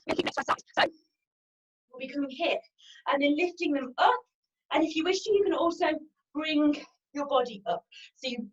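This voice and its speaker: A woman's voice: high-pitched, a bit bright, lo-fi sound. A woman leading a home workout, upbeat and encouraging, out of breath as she counts reps and cheers people on. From England. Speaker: fitness instructor. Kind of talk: live workout instruction.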